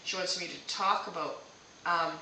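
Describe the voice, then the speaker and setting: A woman psychic medium giving a live-streamed reading, speaking gently and reassuringly and often checking in with "okay?". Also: fairly low pitch, moderate pace, reverberant, recorded from a distance, slight background noise, rough recording.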